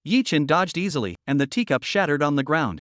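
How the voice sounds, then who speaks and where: Male recap narrator, pitched a little high, animated, dry close mic. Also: brisk, dry recording. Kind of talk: scripted narration.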